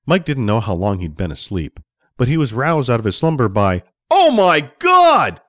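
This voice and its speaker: A man reading a children's story aloud with expressive storytelling. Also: on the low side, a little fast, no echo, clean studio sound. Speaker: narrator.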